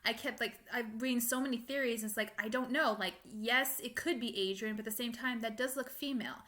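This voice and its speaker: Bright, exasperated young woman ranting. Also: on the high side, a little fast. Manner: animated and exasperated, lots of fillers and laughs. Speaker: fan vlogger. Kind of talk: casual rant to camera.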